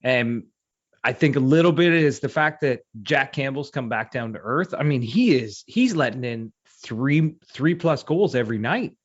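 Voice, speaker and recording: A man's voice: medium pitch, expressive, moderate pace, breathy edge. A man co-hosting a podcast, reasoning aloud in casual chat and hedging his points. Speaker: podcast co-host. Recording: muffled lo-fi podcast audio.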